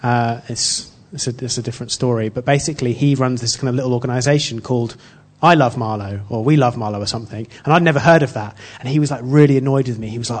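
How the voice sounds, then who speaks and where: A man giving an informal sermon built around a personal story, earnest and halting, with frequent restarts. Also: medium pitch. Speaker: church speaker.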